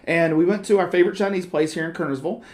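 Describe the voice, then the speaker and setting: A man's voice: sits high, a little mellow. A middle-aged man co-hosting a casual podcast, telling stories with a joking, teasing manner. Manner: joking, teasing, quick asides. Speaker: podcast co-host. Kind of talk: casual chat, storytelling.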